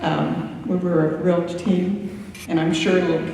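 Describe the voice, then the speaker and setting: An older woman speaks slowly at her retirement party, grateful and close to tears, with frequent halting pauses. Her voice comes from some distance away. A long echo trails it through a large hall. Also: on the low side, little pitch movement, vocal fry, darkish tone, slight background noise. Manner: emotional, grateful, slow and halting with many pauses. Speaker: retiree giving a farewell speech. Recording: echoey hall from far off.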